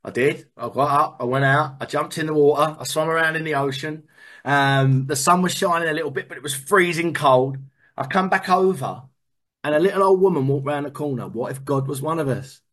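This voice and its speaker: Animated man, slightly high voice. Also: a little fast. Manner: candid, animated, swearing, repeats words. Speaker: speaker sharing a recovery story. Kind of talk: personal storytelling talk.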